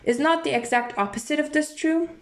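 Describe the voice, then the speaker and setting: A woman reading a classic philosophical dialogue aloud in a plain, measured way, with the odd slip and restart. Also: high voice. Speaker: reader.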